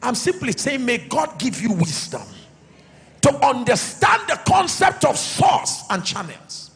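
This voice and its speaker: A middle-aged Nigerian man preaching a sermon as pastor, calling for responses and swinging between shouts and quiet asides. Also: extremely high pitch, sing-song, measured pace, vocal fry, long reverb tail, soft background music. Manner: preaching with call-and-response, sudden shouts then soft asides.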